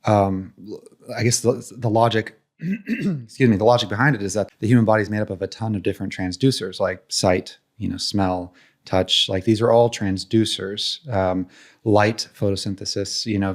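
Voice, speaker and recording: A male podcast host who thinks aloud, hesitant and searching for words with many restarts. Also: low voice. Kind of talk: conversational interview.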